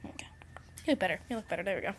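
A woman's voice: medium pitch, racing, a little hiss or hum. A young woman chatting casually in her daily vlog from her bedroom, rambling and cooing at her pets. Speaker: vlogger. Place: bedroom at home.

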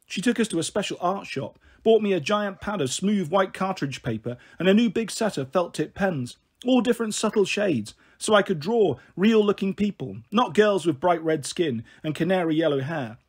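A man narrates a children's novel aloud in the first person, with an expressive delivery. His voice sits high and swings widely, with a husky edge. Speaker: storyteller. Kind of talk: audiobook reading of a children's novel.

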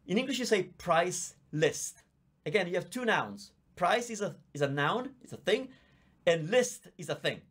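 This language teacher is a native Italian man with an Italian accent and a voice that sits high. He leads a live online Q&A lesson, reading viewer comments aloud into a visible microphone while chatting and explaining patiently.

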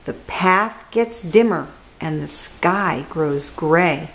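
Very slow woman reading a storybook. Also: low-pitched, slight background noise, poor audio. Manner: slow, expressive storytelling, softening to a hush on key words. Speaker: children's book reader. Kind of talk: reading a picture book aloud.

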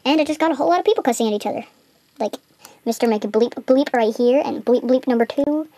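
A woman's voice: high voice, fast, mellow, dry recording. A teenage girl casually retelling an online game session while drawing, rambling with many fillers and restarts. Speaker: video maker retelling a game.

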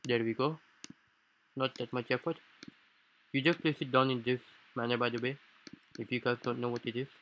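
A man's voice: medium pitch, little pitch movement, normal speed, long pauses, a bit bright, poor audio. A man with a non-native English accent gives a let's-play commentary on a game, explaining things in formal, slightly stilted phrasing. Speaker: gaming YouTuber. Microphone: low-quality home mic.

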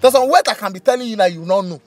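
A Nigerian man in a comedy skit, boasting loudly that he controls spirits, laughing often and breaking into panic. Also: high-pitched, very fast, no echo, faint music behind. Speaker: comedian playing a boastful native doctor. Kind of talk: skit comedy, pidgin-tinged. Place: outdoors in bush.

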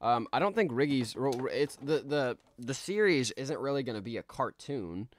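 A man's voice: medium pitch, lively intonation, moderate pace, slight background noise. A man streaming a game live, rambling in a laid-back way with many restarts as he reads out chat. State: tired.

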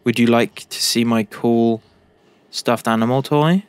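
In a clean, mid-range voice with fairly even intonation, a young British gaming YouTuber jokes his way through play and talks to the characters. He takes his time, and there's no room sound.

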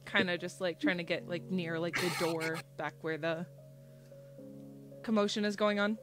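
A woman narrating a tabletop role-playing game as game master, relaxed and full of fillers. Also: lowish voice, normal speed. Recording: faint background music.

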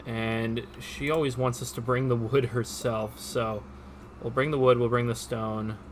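A man's voice: mid-range voice, little pitch movement, measured pace, slight background noise. A man casually commentating his own game stream, chatty and upbeat, talking to his viewers as he plays. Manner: chatty, upbeat, talks to himself and chat.

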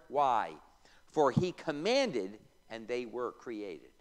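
A man's voice: mid-range voice, sing-song, slow. A man, a pastor, teaching a Bible class in a church. He tosses in joking asides, reads scripture aloud and quizzes the class. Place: church room. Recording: reverberant church hall.

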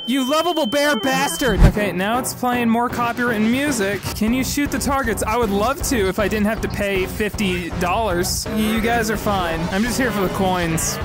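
A young man doing sarcastic gameplay commentary, swearing and talking back to characters on a headset mic. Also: high-pitched. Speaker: gaming YouTuber. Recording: loud game music behind.

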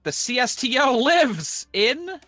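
A man playing a multiplayer strategy game over voice chat, reacting eagerly and loudly and throwing out playful jabs. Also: extremely high pitch, sing-song, slow, no echo. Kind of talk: casual multiplayer gaming chat.

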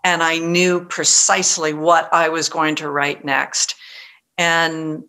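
A middle-aged woman novelist telling stories in a conversational interview, animated and full of restarts. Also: low-pitched, takes it slowly. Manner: animated, frequent restarts, quotes others in lively voice. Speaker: novelist guest.

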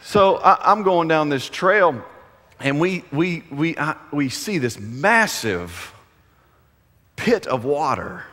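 Brief: middle-aged male pastor, animated and bright, preaching in a long-echo hall. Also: fairly high pitch, slow pace. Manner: chatty storytelling with humor. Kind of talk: sermon. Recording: echoey hall.

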